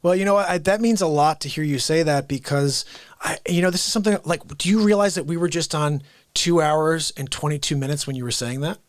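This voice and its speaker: A man hosting a live call-in show, chatting with a caller in an animated, laughing way. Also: fairly high pitch, brisk, no room sound, studio quality. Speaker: host.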